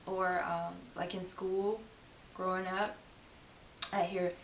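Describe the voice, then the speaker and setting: A woman's voice: mid-range voice, fairly even intonation, fairly quick, gravelly. Chatty young woman, echoey room. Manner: chatty, laughing asides, acts out quoted lines. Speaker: vlogger. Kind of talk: casual talk to camera. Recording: roomy echo, distant mic, faint hiss.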